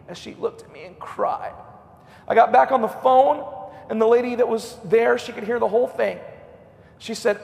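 High raspy preacher guy telling a story in a sermon, echoey hall. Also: expressive, normal speed. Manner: storytelling, dropping to a hush then rising high and loud.

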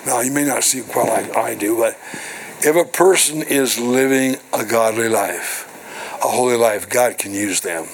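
Older guy preaching in church, gravelly, reads scripture then riffs on it, keeps asking hello? right?, faint noise behind. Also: mid-range voice, moderate pace, rough recording. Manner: call-and-response preaching with repeated "hello" and "right". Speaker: minister. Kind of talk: sermon.

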